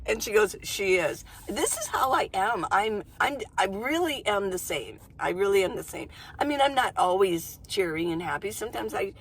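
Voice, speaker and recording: A woman vlogger talking casually to camera from inside her van, chatty and goofy, rambling fast and laughing often. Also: mid-range voice, expressive, slightly rough. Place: inside a minivan.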